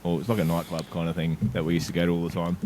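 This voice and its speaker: A man's voice: sits low, level tone, racing, darkish tone, slight background noise. A man co-hosting a podcast, telling stories and laughing often. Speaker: podcast co-host. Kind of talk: casual storytelling chat.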